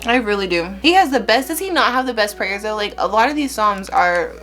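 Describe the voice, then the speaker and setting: A woman's voice: medium pitch, expressive, a little fast, fairly bright tone, faint music behind. A woman hosting a casual Bible-reading vlog, chatty and slangy, laughing often between words.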